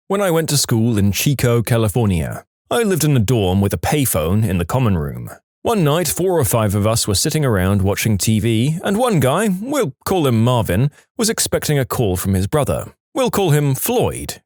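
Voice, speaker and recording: Man narrating stories with lively pitch. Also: no echo, studio quality. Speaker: story narrator. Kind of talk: storytelling narration of submitted stories.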